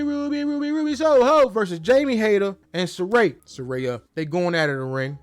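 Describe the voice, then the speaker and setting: Young dude with a high voice doing a slangy jokey wrestling recap, all hyped up. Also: male voice. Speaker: host.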